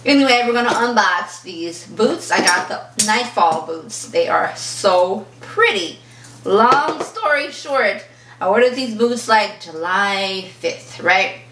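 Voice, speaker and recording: A woman fashion vlogger in a casual unboxing chat, telling a story in an animated, chatty way and acting out the back-and-forth. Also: medium pitch, slow pace, a little hiss or hum. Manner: chatty, animated storyteller who acts out quoted exchanges. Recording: roomy echo, mic at a distance, faint kitchen clatter.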